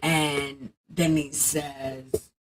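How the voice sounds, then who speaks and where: A woman reading the Bible aloud on a casual livestream, halting over the text and breaking off into chatty, salty asides. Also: deep voice, flat delivery, husky, poor audio.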